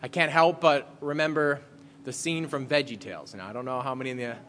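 A pastor giving a conversational sermon, reading scripture aloud and then explaining it in plain words. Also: male voice, medium pitch, steady tone, fairly quick, fairly bright tone, slight background noise.

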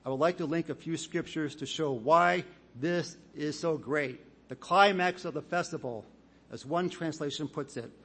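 A man delivers a sermon in a fairly high voice. He speaks in a measured, deliberate way, reading scripture passages aloud and building emphasis as he goes. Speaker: preacher.

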